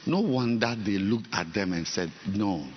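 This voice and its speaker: A male pastor preaching a sermon, swinging between soft talk and sudden loud shouting. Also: lowish voice, animated, normal speed, dull audio, slight background noise.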